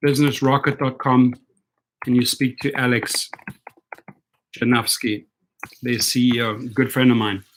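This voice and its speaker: A man's voice: mid-range voice, fairly bright tone. A man vlogging, talking casually at a table, rambling and repeating his words. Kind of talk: casual chat.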